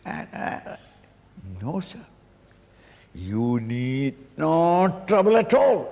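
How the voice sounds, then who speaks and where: An older man giving a slow spiritual discourse, acting out pleading cries and chuckling as he explains a hymn. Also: medium pitch, sing-song, creaky, darkish tone. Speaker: swami teaching a Sanskrit hymn. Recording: reverberant hall, faint noise.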